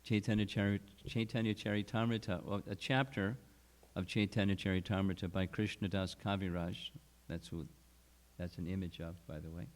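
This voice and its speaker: A man giving a scripture lecture at a retreat, explaining slowly and deliberately, with restarts. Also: low-pitched, steady tone. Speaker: spiritual teacher.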